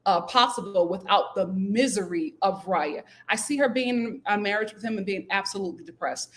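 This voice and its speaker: A woman giving casual, animated commentary on a reality show, acting out quotes in high, incredulous voices. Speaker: YouTube reality TV recapper.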